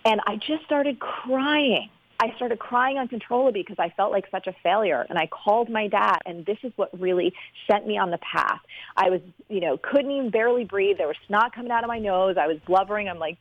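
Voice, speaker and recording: An earnest, energetic woman in her forties tells her story as an interview guest. Her voice comes through a narrow, phone-like line. The sound is dry and close, with no room echo. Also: medium pitch, a little fast. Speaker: guest, business coach.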